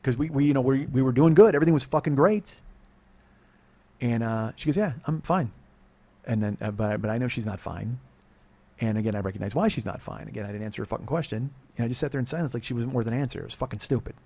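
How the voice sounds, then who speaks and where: Profane, confessional man in his forties. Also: quick pace. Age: 40s. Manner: profane, self-deprecating, swings from low mutter to loud outbursts. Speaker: podcast host. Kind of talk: confessional comedic storytelling.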